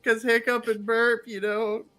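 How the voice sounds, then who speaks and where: A man's voice: extremely high pitch, level tone, unhurried, bright, forceful tone. A man playing in a tabletop game session, joking with his table and laughing between lines. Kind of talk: casual actual-play chat.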